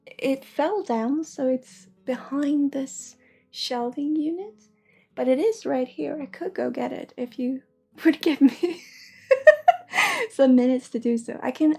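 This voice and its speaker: Woman, from Sweden, livestream host, high voice, slow, giggly, whispery. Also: gravelly. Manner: giggly, soft-spoken, often drops to a whisper. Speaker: livestream host and intuitive reader. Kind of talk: casual livestream chat. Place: home room with shelving.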